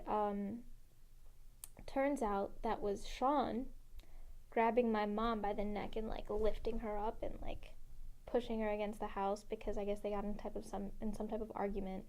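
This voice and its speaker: A woman's voice: mid-range voice, mellow. A young woman telling a personal story in a casual, rambling way, full of fillers and freely swearing. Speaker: interviewee.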